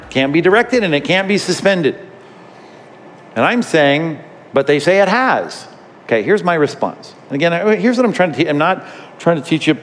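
Emphatic pastor, reverberant sound. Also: male voice, on the high side. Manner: conversational, emphatic, repeats words while building a point. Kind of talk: sermon-style podcast teaching.

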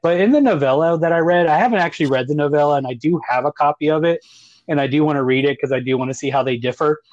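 A man's voice: a little high, fast, a little mellow, no room sound, lo-fi sound. A man hosting a casual movie podcast, laughing often and acting out lines from the film. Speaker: podcast host.

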